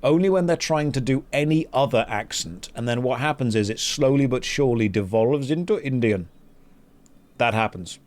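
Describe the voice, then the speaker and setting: A man's voice: mid-range voice, normal speed, a little mellow. A British man chatting casually and joking while streaming a game. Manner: joking, rambling. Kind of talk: casual gameplay chat.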